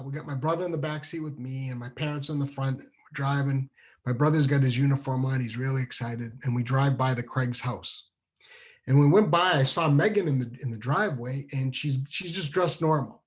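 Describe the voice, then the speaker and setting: A man from New Hampshire telling a childhood story at a virtual storytelling show, animated and full of restarts, acting out the dialogue. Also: mid-range voice, normal speed. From New Hampshire, USA. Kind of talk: live storytelling over a video call. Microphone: video call microphone.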